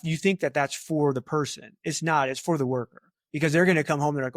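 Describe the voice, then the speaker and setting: Chatty animated man, dry close sound. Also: a little high, a little fast, no room sound. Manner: chatty, animated, lots of fillers and asides. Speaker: talent acquisition leader, guest. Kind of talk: casual interview talk.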